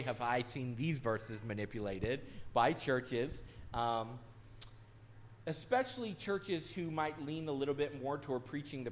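A man's voice: fairly high pitch, slight background noise. A middle-aged man, a pastor, giving a sermon in a candid, conversational and self-deprecating way.

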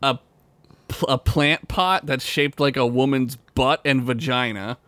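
A man's voice: mid-range voice, a little slow, fairly bright tone, no echo. A man co-hosting a podcast, trading crude jokes and laughing often in casual banter. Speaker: podcast co-host.

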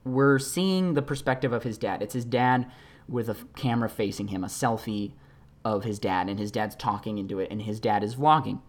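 A podcast host and actor talking casually, with lots of "like", animated retellings and quoted voices. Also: normal speed. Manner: shifts between excited high bursts and low, quiet asides. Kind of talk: casual monologue.

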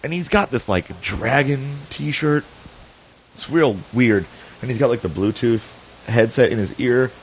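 With a medium-pitched voice and a measured pace, a man hosting a podcast recounts a long story in relaxed, casual talk; there's a little hiss or hum in the audio. He curses freely, laughs, and often restarts his sentences.

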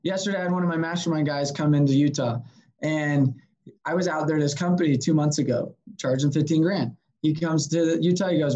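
A sales consultant in casual conversation, telling animated stories and acting out what people said to him. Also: male voice, fairly high pitch, a little fast, muffled recording. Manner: animated, story-driven, acts out quotes. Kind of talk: casual podcast chat, storytelling.

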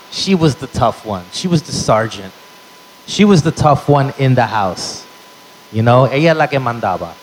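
A man's voice: medium pitch, slight background noise, poor audio. A man telling a stand-up story in a brash, profane way, tossing in Spanish phrases. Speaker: stand-up comedian.

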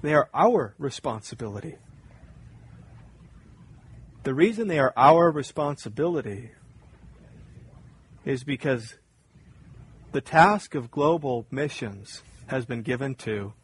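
A man preaching a sermon with an emphatic style, repeating phrases and building to loud fervor. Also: mid-range voice, animated, slow pace, pauses often, slight background noise, low-quality recording. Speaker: pastor.

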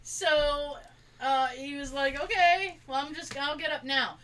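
Her voice sits high and a bit bright, unhurried, with fairly even intonation, though the audio is poor and she's far from the mic. As a podcast co-host she rambles through stories in casual conversation, performing the quotes and laughing frequently.

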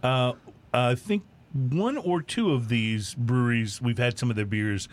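Male co-host, easygoing chatter, ordinary mid pitch, loose and unscripted. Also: unhurried. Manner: relaxed, rambling with many fillers. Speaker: podcast co-host. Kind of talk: casual chat.

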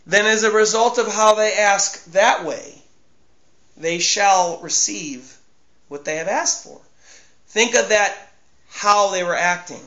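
A man's voice: high voice, takes it slowly, sharp tone, echoey room. A man preaching a sermon in an earnest, emphatic way, often repeating his phrases. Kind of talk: sermon on fasting.

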